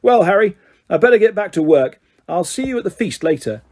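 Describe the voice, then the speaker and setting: A man voicing a calm, mild-mannered male teacher wizard in a storybook reading. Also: sits high, fairly quick, pitched above the performer's own voice. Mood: friendly.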